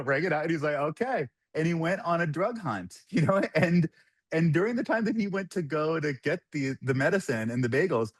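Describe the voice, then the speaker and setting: A man in his thirties talks in a middle pitch. He tells stories in a loose, animated way and laughs often as he quotes others. The sound is dry and close, with no room echo. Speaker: podcast guest. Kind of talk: casual storytelling.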